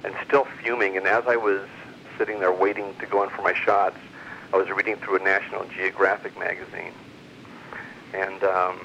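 A man's voice: low voice, a bit bright. A middle-aged man telling a long personal story in a casual, rambling way, with many fillers and restarts. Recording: muffled lo-fi recording, faint hiss.

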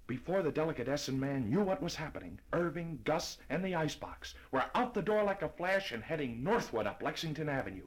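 Man, storybook narration, animated delivery, husky voice. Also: on the high side, fairly quick, hardly any pauses, poor audio. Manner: lively, expressive reading.

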